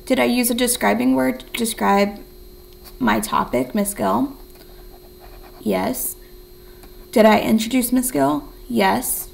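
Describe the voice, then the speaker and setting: A woman's voice: on the high side, slow, vocal fry, pauses often, a little hiss or hum, rough recording. A young woman teaching a remote writing lesson, encouraging and thinking aloud as she writes. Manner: counts syllables in a soft whisper.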